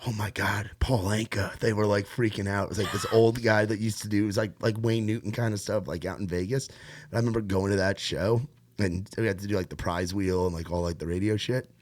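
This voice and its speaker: A man's voice: on the low side, steady tone, fairly quick, a little mellow. A man with a radio voice hosting a podcast in casual chat, laid-back and swearing freely, with loose rambling restarts. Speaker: podcast host.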